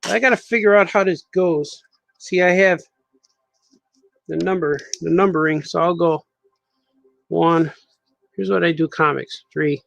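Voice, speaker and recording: A man's voice: on the high side, a little slow, vocal fry, long pauses, fairly bright tone, poor audio. A man, a cartoonist, chatting casually on a live stream while he draws, repeating himself as he works.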